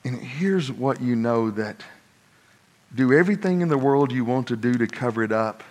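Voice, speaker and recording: A man preaching a sermon, telling a personal story, moving between hushed asides and loud, emphatic points. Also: mid-range voice, animated, moderate pace. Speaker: pastor.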